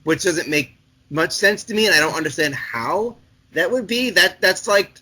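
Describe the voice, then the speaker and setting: A young man chatting loosely with a friend, stumbling through his thoughts with lots of restarts. His voice is very bright and sits a bit high for a man. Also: expressive, breathy edge. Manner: rambling, halting, many restarts and fillers. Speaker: podcast co-host. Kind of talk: casual chat.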